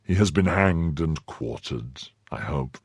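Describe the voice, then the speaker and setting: A man voicing a bitter, brooding nobleman in his cups, speaking slowly and heavily. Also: a bass voice, expressive, husky, no room sound, exaggerated voice. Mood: grim, brooding.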